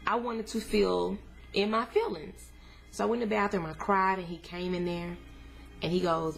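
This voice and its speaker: A young woman candidly telling her viewers a painful personal story, earnest and plain-spoken, her voice climbing high when she recalls her anger. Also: fairly even intonation, normal speed, vocal fry. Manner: casual, addresses viewers as y'all. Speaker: vlogger sharing a family update. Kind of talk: emotional personal storytelling to camera.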